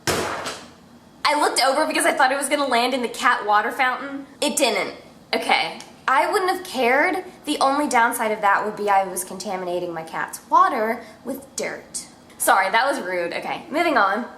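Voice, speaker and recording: A woman's voice: on the high side, expressive, normal speed, sharp tone. A young woman reviewing books in a casual, chatty way, with self-mocking asides, talking at home. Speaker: book vlogger. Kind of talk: casual book review chat. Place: home room with a cat. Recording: echoey room.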